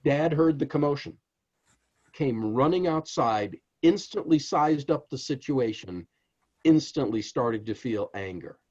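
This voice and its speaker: Male author guest, lively swooping delivery, emphatic storyteller, dull lo-fi sound. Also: mid-range voice, unhurried. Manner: animated, emphatic storyteller who addresses the host directly. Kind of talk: interview storytelling.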